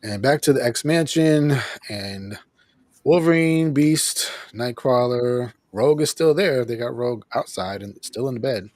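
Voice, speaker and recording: A man hosting a show, casually recapping an episode in an animated way, acting out lines and laughing often. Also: medium pitch, a little slow, dry recording. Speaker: host of a show reviewing an episode.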